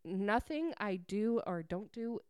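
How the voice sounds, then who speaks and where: A woman's voice: medium pitch, animated, slow, darkish tone, clean tone, dry recording, clean studio sound. A woman voicing a fed-up young woman, indignant and exasperated. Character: fed-up young woman on her worst day.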